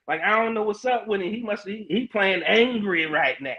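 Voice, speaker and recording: A man's voice: high voice, bright, forceful tone, lo-fi sound. Hyped man hosting a podcast stream. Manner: loose and hyped, lots of slang and fillers, quick laughs. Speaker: podcast host. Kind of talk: casual livestream chat, reading out comments.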